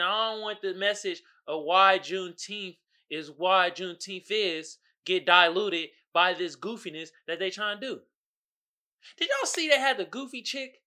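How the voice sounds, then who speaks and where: A man hosting a casual comedic commentary show, speaking, animated with loud outbursts and laughing asides. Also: sits high. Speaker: podcast host.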